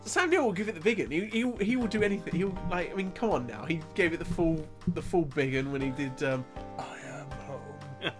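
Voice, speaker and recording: A man chatting casually on a gaming stream, rambling and hunting for words with plenty of fillers. His voice sits a little high. Music plays clearly behind him. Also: animated, fast talker, hardly any pauses. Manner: rambling, hesitant, laughing. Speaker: co-player guest.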